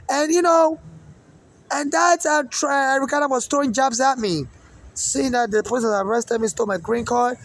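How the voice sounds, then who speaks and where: In a low-quality recording, a man from Nigeria speaks in a very high, slightly bright voice with fairly even intonation and normal speed. His accent blends Nigerian and American English as he rambles through a personal monologue, repeatedly returning to the same points.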